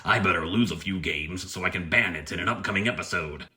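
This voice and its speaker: A man's voice: low voice, fast talker, sharp tone. A man putting on goofy, exaggerated voices in a comedy meme skit.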